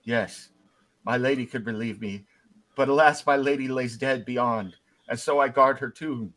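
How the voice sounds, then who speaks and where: A bright, ringing voice gives an old dwarf knight's ghost, played by a man, stubborn and fierce. He guards his lady's tomb in archaic, defiant phrases and bellows at anyone he takes for an intruder. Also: mid-range voice, measured pace, natural voice, poor audio. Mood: stern.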